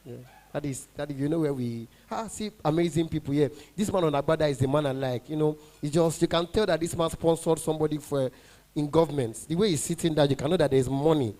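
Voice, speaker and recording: A man's voice: on the high side, quick pace, dark tone. A Nigerian man performing stand-up comedy as an event MC, bantering with the crowd and mixing in pidgin. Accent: Nigerian English. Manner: banters with the audience, mixes in pidgin.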